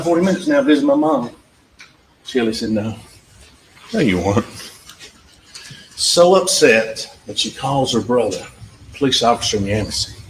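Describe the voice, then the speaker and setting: Emphatic man addressing a jury. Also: mid-range voice. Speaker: trial attorney. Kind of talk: closing argument to a jury. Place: courtroom. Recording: echoey courtroom audio with faint background noise.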